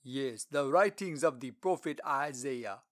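A man voicing a dignified royal treasurer in an audiobook story, speaking slowly and formally. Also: mid-range voice, no echo, studio quality, close to an everyday voice. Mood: stately. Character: dignified Ethiopian lord treasurer, courteous older official.

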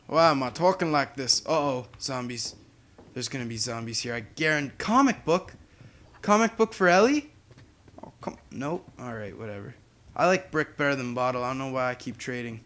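A man's voice: mid-range voice, expressive, normal speed, a bit bright. A young man giving casual, chatty gameplay commentary as a YouTuber, humming and drifting off topic. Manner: chatty, distracted, hums to himself. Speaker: gaming YouTuber.

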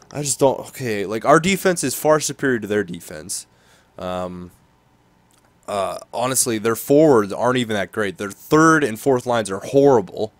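Young male gamer, lowish voice, casual commentary, mutters then bursts out in frustration. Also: expressive, a little slow, slight background noise. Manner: exasperated, swinging from mumbling to frustrated outbursts. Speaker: gaming commentator.

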